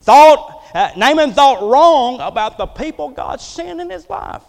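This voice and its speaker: High-voiced preacher man, folksy and booming. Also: very animated, measured pace, gravelly. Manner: folksy, joking preaching that swells to loud emphatic declaration. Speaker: pastor. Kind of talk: sermon. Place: church sanctuary. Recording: long reverb of a church hall.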